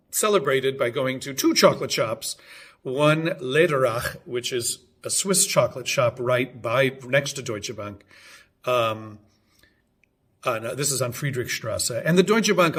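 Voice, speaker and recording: A man's voice: medium pitch, a bit bright. A man in his fifties telling a rambling, casual story on his vlog, full of hesitations, fillers and restarts. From United States. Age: 50s. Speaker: vlogger.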